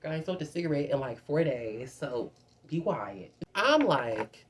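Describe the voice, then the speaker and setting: A woman's voice: sits low, sing-song, unhurried. A young woman vlogger telling a dramatic, profane storytime straight to her viewers. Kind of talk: casual storytime.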